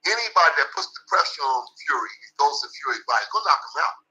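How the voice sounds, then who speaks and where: A man's voice: a little high, lively intonation, fast talker, pushed and bright, highs cut off. An older man, a boxing trainer, telling stories in an interview in an emphatic, profane, repetitive way. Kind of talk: storytelling interview.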